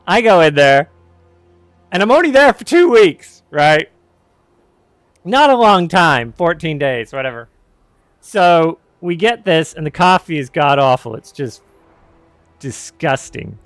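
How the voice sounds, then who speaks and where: Guy on stream rambling thru a story, kinda high clear voice, dry sound. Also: fairly bright tone, dry recording. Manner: rambling, with many asides and self-corrections. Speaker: streamer and host. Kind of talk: casual storytelling while gaming.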